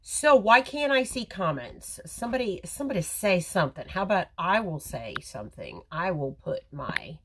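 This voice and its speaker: A woman's voice: lowish voice, sing-song, moderate pace, few pauses, fairly bright tone, a little hiss or hum. A middle-aged woman hosting a casual live makeup tutorial, chatty and rambling as she talks to viewers on her phone camera. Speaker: makeup livestream host. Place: home or salon with ring light.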